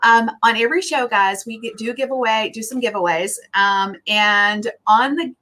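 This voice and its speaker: A woman's voice: on the high side, normal speed, pushed and bright. A middle-aged woman from the United States hosting a live online show, chatty and effusive, with lots of filler words. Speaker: host.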